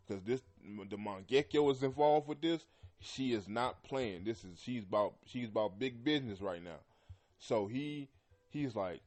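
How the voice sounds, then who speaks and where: A man hosting a podcast, talking loosely about an anime with lots of fillers and frequent throat clearing. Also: mid-range voice, a little slow, a little mellow. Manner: loose and rambling, heavy with "you know" and "man"; often clears his throat. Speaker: podcast host. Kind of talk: casual anime commentary.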